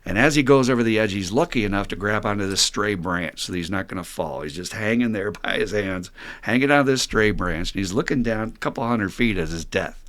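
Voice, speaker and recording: A man's voice: on the low side, a little fast, fairly bright tone. An older man, a podcast co-host in recovery, telling stories casually and animatedly, laughing often. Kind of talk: casual storytelling talk.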